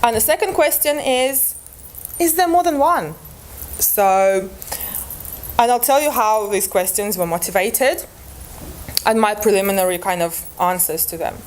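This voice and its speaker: A woman's voice: mid-range voice, unhurried, long pauses. A woman presenting linguistics research at an academic conference, explaining step by step with frequent restarts and fillers.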